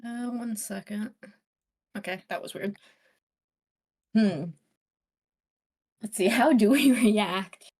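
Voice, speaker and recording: A woman's voice: medium pitch, takes it slowly, pauses often, a little mellow. A woman player in a tabletop game, asking uncertain questions. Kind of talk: casual chat during a tabletop game.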